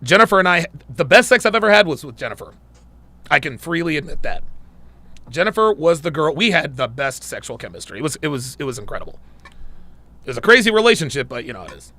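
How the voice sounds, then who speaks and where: A man's voice: a little high, big pitch swings, quick pace, sharp tone. A man hosting a live stream, reading viewer comments and answering with crude, joking banter. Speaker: livestream host reading chat. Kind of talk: casual livestream chat.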